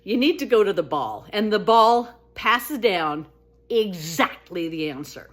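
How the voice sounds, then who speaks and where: A woman telling her own spiritual story in a casual, talkative monologue. She is earnest and expressive, and her voice lifts when she gets excited. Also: a little slow. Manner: animated and expressive, voice rising high when excited; earnest, talkative, with frequent restarts.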